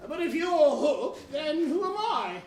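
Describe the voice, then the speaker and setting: A woman's voice: sits high, big pitch swings, slow pace, heavily acted. A woman playing a blustering, pompous villainous pirate captain in an amateur stage pantomime, recorded from far off in an echoey hall. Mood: puzzled. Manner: theatrical, shouting orders, scheming.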